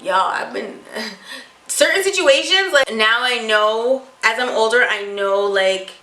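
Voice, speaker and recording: A young adult woman telling a storytime vlog to her viewers, animated and full of swearing. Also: a little high, slow, reverberant, low-quality recording. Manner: animated, profane storytelling, often addressing viewers. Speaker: vlogger.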